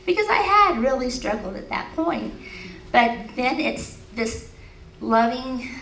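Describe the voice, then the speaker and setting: Her voice is fairly high and sing-song, a little slow, with vocal fry and a fairly bright tone. This middle-aged speaker at an expo shares a laughing personal story, then leads affirmations in a motivational talk. Slight background noise accompanies a distant recording of the large, echoey hall.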